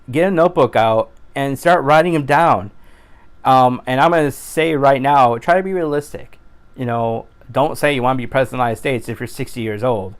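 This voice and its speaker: A man's voice: mid-range voice, clean tone. Earnest rambling man vlogging. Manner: rambling and earnest, with frequent restarts; animated exclamations of his catchphrase. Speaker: YouTuber. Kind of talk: casual vlog monologue.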